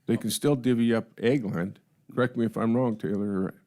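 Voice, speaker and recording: A man speaking as a county commissioner at a public meeting, halting and hedging with many restarts. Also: mid-range voice, steady tone, dark tone.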